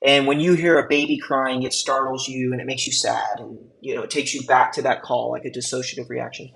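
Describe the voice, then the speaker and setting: An EMT instructor gives a classroom lecture in a relaxed, conversational way, with plenty of fillers and check-ins. His medium-pitched voice moves little in pitch, comes fairly quick, and has vocal fry and a fairly bright tone, on a low-quality recording.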